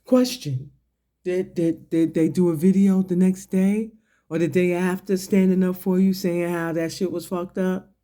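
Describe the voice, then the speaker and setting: The speaker is an online commentator whose high-pitched, dark voice stays fairly even in intonation. In a slow, deliberate rant to camera, he confronts someone with profanity, mocking and grilling them point by point.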